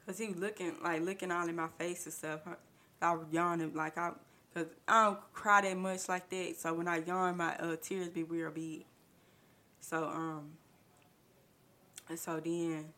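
A woman speaking in spins a personal story for her podcast, stacking up quoted back-and-forth with lots of "I said" and false starts. Her voice sits a little low but has a bright, sharp edge. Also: fairly even intonation, moderate pace. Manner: retells dialogue with many "I said" restarts, slangy. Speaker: podcast host. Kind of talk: casual storytelling.

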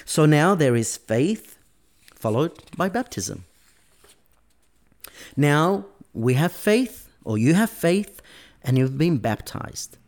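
Male preacher, unhurried sermon delivery, animated pitch, leans hard on key words. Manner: emphatic, varying pace and stress.

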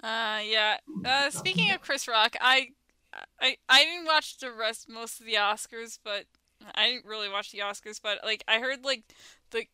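A podcast co-host chats casually, rambling with plenty of "like" and "um" and frequently restarting her sentences. She speaks at normal speed in a fairly high, sharp, clean voice with no echo.

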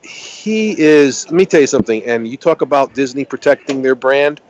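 A man's voice: mid-range voice, lively intonation, moderate pace, highs cut off, a little hiss or hum. Eager, stammering middle-aged American man. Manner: enthusiastic, stammering restarts. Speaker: podcast guest. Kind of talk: casual chat.

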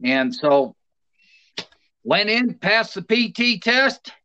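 With a high voice and a slow pace, a middle-aged retired soldier recounts plain, animated anecdotes and laughs through a casual interview. The audio is dull, with a little hiss or hum.

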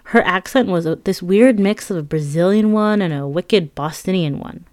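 A woman's voice: on the low side, normal speed, darkish tone, no room sound, studio quality. A woman reading her own memoir aloud as an audiobook, candid and wry, with frank asides to the listener. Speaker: memoir narrator.

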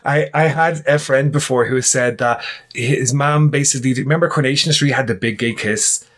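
A man co-hosting a podcast, telling stories in animated casual chat and laughing often. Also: mid-range voice, moderate pace. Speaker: podcast co-host.

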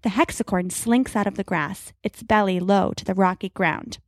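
A woman's voice: medium pitch, normal speed, no room sound. Woman narrating a story, dry close sound. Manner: vivid, dramatic reading.

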